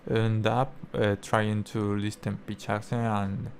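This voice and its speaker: A young man whose first language is Spanish, explaining language learning in halting English full of fillers and restarts. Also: on the low side, level tone, darkish tone, a little hiss or hum. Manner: halting, many fillers and restarts, non-native phrasing. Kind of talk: casual explanatory talk.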